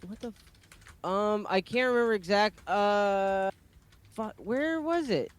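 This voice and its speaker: A man's voice: sits high, slow pace, smooth. Flustered, apologetic man. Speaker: podcast co-host.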